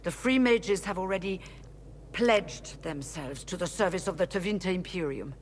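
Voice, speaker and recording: A woman voicing a weary, guarded mage leader in a video game, speaking in a measured, formal way. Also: lowish voice, a little hiss or hum, natural voice. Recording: game audio with long reverb.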